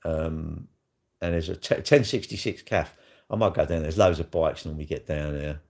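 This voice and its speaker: A man's voice: a bass voice, steady tone, moderate pace, gravelly, darkish tone. A middle-aged man, rambling bluntly and crudely in a casual livestream chat, tossing in tag questions as he answers comments. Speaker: livestream host.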